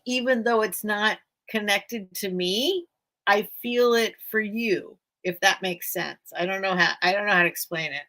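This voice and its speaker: Woman host of a home sales live stream, unhurried, bright and forceful tone, rambly and chatty. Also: mid-range voice. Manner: chatty, rambling, thanks viewers often. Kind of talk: casual live-stream chat.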